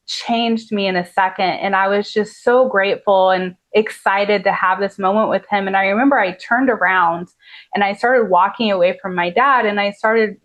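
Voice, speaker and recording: A woman's voice: medium pitch, normal speed. A woman who is a podcast guest, telling a personal story in an earnest, heartfelt way with many "like" fillers.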